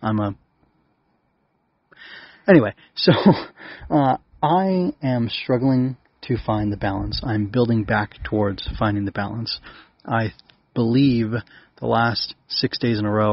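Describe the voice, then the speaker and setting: A man's voice: fairly low pitch, moderate pace, creaky, no room sound, muffled recording. A man hosting his own writing podcast, talking casually in a rambling, self-correcting way and reading out his log. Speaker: podcast host and author.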